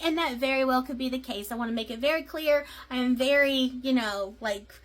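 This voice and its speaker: A woman's voice: sits high, fairly quick, hardly any pauses. A woman process server telling a story casually in a chatty way, with many fillers and asides.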